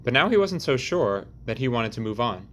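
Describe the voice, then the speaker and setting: A man narrating an audiobook chapter in a measured, deliberate reading. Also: mid-range voice, big pitch swings, fairly bright tone, a little hiss or hum. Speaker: audiobook reader.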